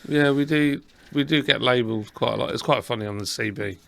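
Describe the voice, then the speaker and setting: Chatty gravelly southern English man. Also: mid-range voice, fairly quick, a bit bright. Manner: chatty, rambling, self-deprecating. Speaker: podcast host. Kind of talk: casual chat.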